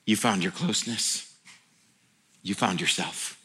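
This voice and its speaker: A male pastor voicing God as a gentle, teasing father who speaks low and soft. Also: lively intonation, slow. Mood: tender.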